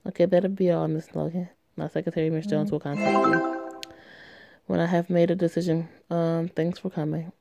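A woman's voice: fairly low pitch, little pitch movement, moderate pace, creaky, over loud music. A woman voicing a stern, suave male company boss who talks in a cool, formal way.

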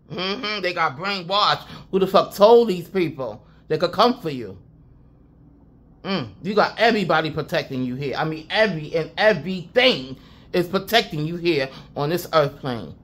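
Speaking in a lowish voice with a bright, forceful edge, a woman gives a loose, profane spiritual reading as an intuitive reader. She's emphatic and casual rather than polished, repeating "I'm telling you" to hammer her points and chuckling often as she talks.

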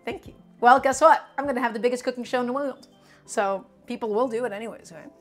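Woman, Brooklyn New York accent, soft R sounds, casual live cooking chat, talks straight to viewers, light music behind. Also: on the high side, quick pace. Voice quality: cannot pronounce R sounds. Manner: chatty, talks directly to viewers. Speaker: cooking streamer.

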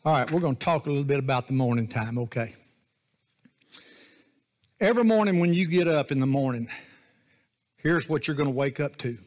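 A man's voice: medium pitch, expressive, brisk, long pauses. A man preaching a sermon as associate pastor, in a folksy, joking, conversational way.

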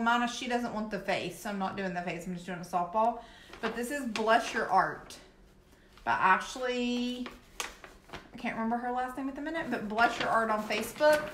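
A woman's voice: on the high side, fairly bright tone. A young adult woman with a Southern US accent chatting casually while painting on a live stream, reading and answering viewer comments. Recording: echoey room with faint background noise.

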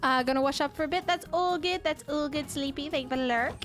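A woman's voice: high-pitched, fairly even intonation, fast talker, faint music behind. A woman streaming a game live, chatting casually and reacting to chat messages with incredulous exclamations.

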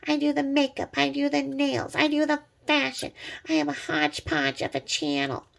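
A woman mimicking an angry, defensive woman streamer with a shrill, indignant voice. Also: sing-song, moderate pace, gravelly, exaggerated voice. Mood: indignant ranting.

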